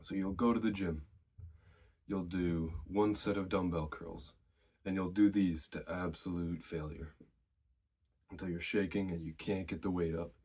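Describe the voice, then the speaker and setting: Very low-voiced man giving gym advice. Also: measured pace, husky. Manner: relaxed, conversational, shares personal experience. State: slightly out of breath. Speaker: fitness vlogger. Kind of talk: casual advice to camera.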